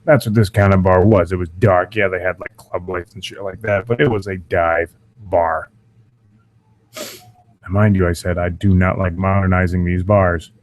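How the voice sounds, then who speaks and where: A man's voice: sits low, fairly even intonation, normal speed, low-quality recording. Ranting, swearing guy losing his voice. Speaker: show host. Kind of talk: profane casual rant to a live audience.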